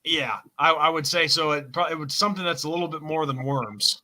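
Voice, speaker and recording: A man's voice: a little high, a little fast, bright, forceful tone. A man hosting a live stream, chatting casually and laughing often. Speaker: host.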